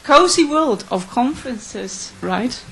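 A woman from the Netherlands, asking an earnest, emotional question at a conference Q&A with many halting restarts. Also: a little high, expressive, a bit bright, husky, rough recording. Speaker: audience member asking a question.

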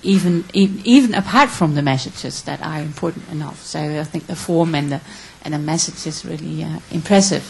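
A woman from the Netherlands asking a question from the floor, earnest, emotional and halting. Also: sits low, creaky, darkish tone, slight background noise, rough recording. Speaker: audience questioner.

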